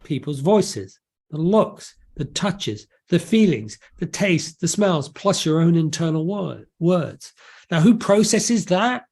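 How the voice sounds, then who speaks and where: Casual: guy chatting about his book, kinda high voice, jokey, lots of asides and restarts. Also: animated, slow pace, darkish tone. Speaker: author and guest. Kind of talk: casual interview explanation.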